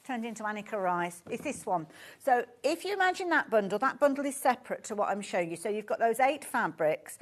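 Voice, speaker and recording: On the high side and sing-song, this woman's voice moves fairly quickly. With a Birmingham accent, she presents fabric from a studio on a live shopping show, gushing and chatty and easily sidetracked.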